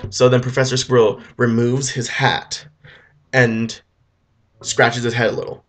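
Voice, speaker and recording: A man retelling a film as a rambling comedy story, full of deadpan asides and fillers. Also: medium pitch, unhurried. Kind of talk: comic retelling over music. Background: faint guitar music.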